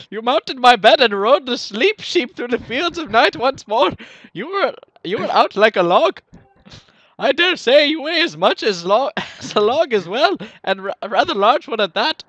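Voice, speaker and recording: A man's voice: very high-pitched, big pitch swings, normal speed, fairly bright tone, dry recording, dull audio, heavily acted. A man putting on a fussy old-fashioned shopkeeper voice. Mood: teasing. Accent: put-on Indian. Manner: stiff, old-fashioned phrasing, giggling through it.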